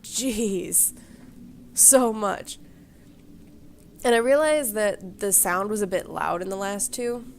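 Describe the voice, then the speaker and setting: A woman's voice: medium pitch, a little slow, slight background noise. A woman hosting a game let's play, chatting to her viewers and exclaiming as she plays. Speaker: gaming channel host.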